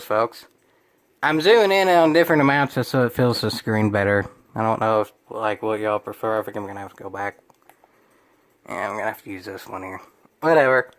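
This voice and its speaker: A young man reading a web page aloud and commenting on it in a sarcastic, exasperated, rambling way. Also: fairly low pitch. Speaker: gaming video creator.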